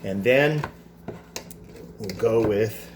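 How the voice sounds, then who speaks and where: A man teaching a cooking class, talking through a dessert step by step in a relaxed, chatty way with self-deprecating asides. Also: lowish voice, drawn-out words, noisy background. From Canada. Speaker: culinary teacher. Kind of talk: cooking demonstration. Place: school kitchen.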